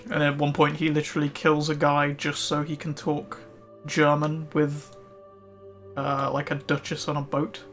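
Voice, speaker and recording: A man's voice: on the high side, monotone, moderate pace, fairly bright tone. Chatty man over faint music. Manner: rambling, many fillers like "like". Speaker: streamer. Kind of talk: casual chat while gaming.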